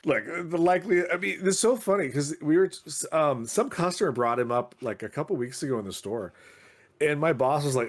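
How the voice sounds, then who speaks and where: A man's voice: fairly high pitch, a little fast. A middle-aged man, co-host of a podcast, telling a story in casual chat with a wry, snarky delivery.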